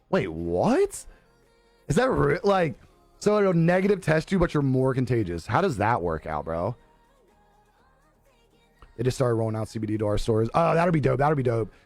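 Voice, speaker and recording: A man's voice: lowish voice, animated, normal speed, darkish tone, faint music behind. Laid-back young man livestreaming, swears a lot. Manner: laid-back, profane, laughs often. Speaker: live streamer. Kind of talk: casual chat reading viewer comments.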